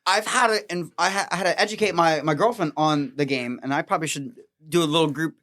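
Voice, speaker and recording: A man from Florida, a magician guest on a podcast, telling animated stories with frequent laughs. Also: on the high side, quick pace. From Florida, USA. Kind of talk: casual podcast chat.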